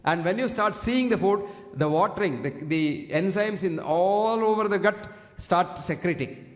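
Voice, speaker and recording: A man's voice: sits high, measured pace. A man giving an emphatic public health talk to an audience, standing at a single microphone and often asking the listeners questions. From India. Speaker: speaker addressing an audience. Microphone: single fixed microphone, standing. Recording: echoey hall with long reverb.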